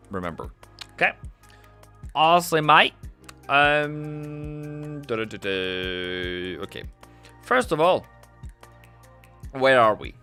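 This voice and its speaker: Man, livestream trading host, casual market commentary, talkative, chats with viewers, soft background music. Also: a little high. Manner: chatty, answers own questions, reads and teases chat.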